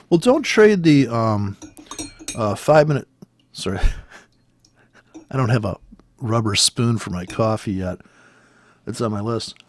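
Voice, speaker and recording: Man, ranting trade commentary, sarcastic, profane, very animated pitch, dry room. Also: no room sound. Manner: sarcastic, swearing, exasperated. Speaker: trader commenting on price charts.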